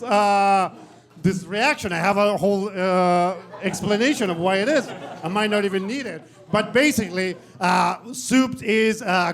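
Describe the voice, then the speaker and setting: A man performing a stand-up comedy set on stage, with animated, mock-outraged rants and quick asides. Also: sits high. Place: comedy stage before a live audience. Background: audience laughter.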